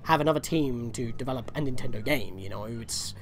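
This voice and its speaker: A man's voice: medium pitch, brisk, creaky. A young man giving rambling, chatty commentary over a video game walkthrough, often correcting himself mid-sentence. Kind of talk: casual gameplay commentary. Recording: game music faintly behind.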